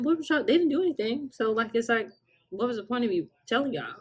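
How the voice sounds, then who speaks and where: Husky animated woman telling a story. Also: on the high side, fast. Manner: animated, acts out quotes, laughs often. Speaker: vlogger. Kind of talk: casual storytime.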